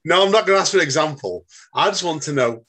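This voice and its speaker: Chatty male podcast host, husky voice. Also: on the high side, expressive, fast talker, a bit bright. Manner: chatty, jokey, calls guest mate. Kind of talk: casual podcast interview.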